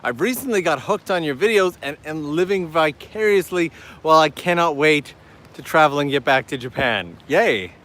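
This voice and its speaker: His voice is a little high, fairly bright, and animated, at a moderate pace. Outdoors on a seaside island path, he walks while hosting a travel live stream, reading viewers' messages aloud and chatting with them enthusiastically.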